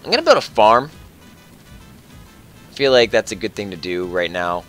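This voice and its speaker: A man's voice: lowish voice, very animated, moderate pace, a bit bright, soft background music. A man hosting a casual let's-play, joking and thinking aloud as he plays. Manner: playful, joking, thinking aloud while playing. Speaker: gaming channel host.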